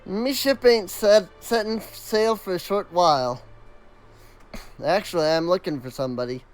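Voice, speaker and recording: A man voicing a gruff male ship captain, in salty sailor talk with a put-on accent. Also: high-pitched, measured pace, faint music behind, low-quality recording. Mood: gruff, helpful.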